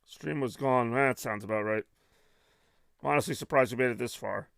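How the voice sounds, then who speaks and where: A man's voice: medium pitch, normal speed, vocal fry, fairly bright tone, smooth, no room sound, clean studio sound. A man streaming a game, reading its text and making wry joking asides. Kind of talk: let's-play commentary.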